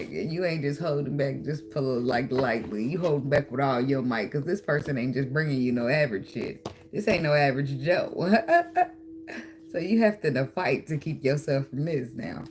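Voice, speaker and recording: A woman gives a casual, animated tarot reading, talking straight to her viewers. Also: very deep voice, moderate pace, background noise. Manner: animated, talks to viewer, bursts into song and laughter. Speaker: tarot reader.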